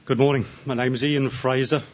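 A man's voice: medium pitch, flat delivery, brisk. A man speaks plainly and steadily as a new citizen, with little rise and fall in his voice. The recording is dull and lo-fi. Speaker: new citizen giving a speech. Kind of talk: short ceremony speech.

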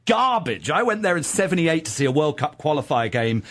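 Rambling, animated middle-aged host. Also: male voice, fairly high pitch, brisk. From southern England. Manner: rambling, opinionated, with fillers. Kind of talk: casual chat.

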